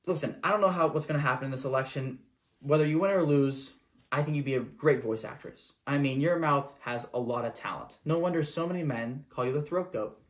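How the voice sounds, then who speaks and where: A man hosting a satirical comedy show, speaking in a fairly high voice. He delivers his monologue with sarcastic, mock-earnest praise. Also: fairly quick.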